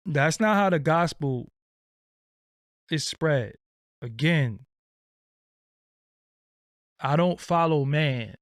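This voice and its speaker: A man's voice: on the high side, lively intonation, very slow, long pauses, no room sound, studio quality. A man hosting his own livestream, ranting bluntly and casually with profanity and lots of fillers. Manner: blunt, profane, streetwise, rambling. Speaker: channel host.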